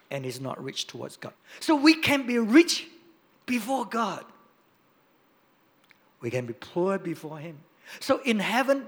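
A male pastor preaching a sermon, hitting key words loudly and dropping to quiet asides. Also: high-pitched. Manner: emphatic, swings between loud stresses and quiet asides.

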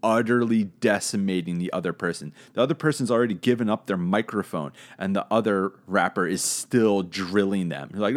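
This Bible teacher has a lowish voice and talks at a normal speed with few pauses. His casual lesson unfolds in a searching, conversational manner, full of hedges and self-corrections.

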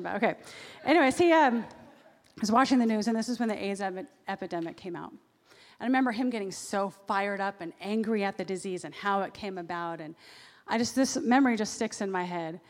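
A woman preacher giving a sermon in a conversational way, with personal asides. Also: medium pitch. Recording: long reverb of a large hall.

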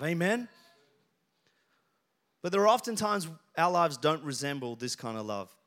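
High-voiced pastor preaching. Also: male voice, big pitch swings, moderate pace, pauses often. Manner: storytelling, builds to loud emphatic passages. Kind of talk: sermon.

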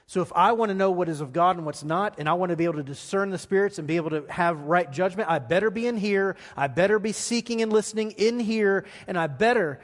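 A male pastor preaching a sermon in a church, emphatic, repeating his phrases and dropping to a hush at times. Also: sits high, in a large hall. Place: church sanctuary.

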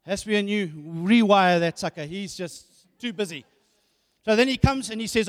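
High-voiced preacher in a hall. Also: male voice, moderate pace. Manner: animated, repeats words, rhetorical questions. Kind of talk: sermon. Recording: hall reverb.

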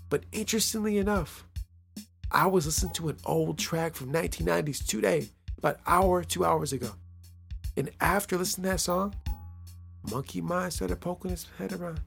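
A man's voice: sits high, vocal fry, fairly bright tone, husky. A man hosting a casual solo podcast, playful and rambling, repeating phrases and laughing at his own jokes. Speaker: podcast host.

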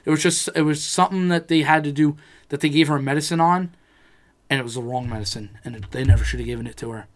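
A man's voice: fairly high pitch, quick pace. A man in casual chat, telling a rambling personal story, swearing freely and acting out what people said.

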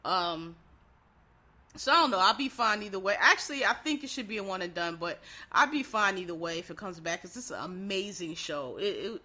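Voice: medium pitch, sharp tone. A vlogger giving a casual, rambling monologue review of a TV show, blunt and opinionated, with lots of fillers and swearing. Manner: frank, opinionated asides to viewers.

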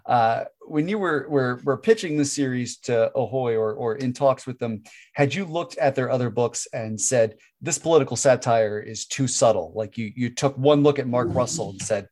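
A man's voice: medium pitch, moderate pace, a little mellow. Male podcast host, casual interview, easy laughs, lots of restarts. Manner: laughs often, many restarts.

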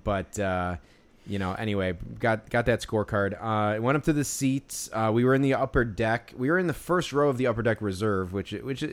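A man's voice: fairly low pitch, clean tone. A man telling a story in casual chat, rambling with many fillers and restarts. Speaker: podcast co-host.

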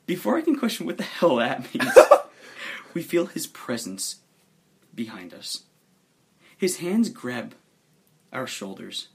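A man narrating a tabletop role-play in a playful storyteller's voice that breaks into laughter. His tone is husky, his pace slow, and his pitch lively. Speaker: game master narrating a story.

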